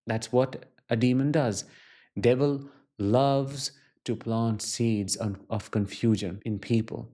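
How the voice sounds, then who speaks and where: A man's voice: medium pitch, warm tone. A man hosting his own channel, telling personal stories to camera in an earnest, reflective way with emphatic questions. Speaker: self-help channel host. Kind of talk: personal storytelling monologue to camera.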